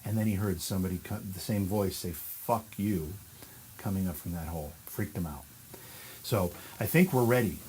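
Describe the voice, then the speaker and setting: A man hosting a live ghost hunt, narrating and asking slow, deliberate questions to spirits. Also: sits low, dark tone, a little hiss or hum, poor audio. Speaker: paranormal investigator host.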